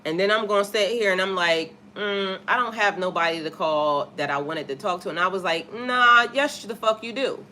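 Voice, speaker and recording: A woman's voice: on the low side, fairly even intonation, brisk, few pauses, pushed and bright, a little hiss or hum. A woman, a spiritual life coach, telling a personal story on a casual livestream in a candid, profane way and greeting viewers in the chat.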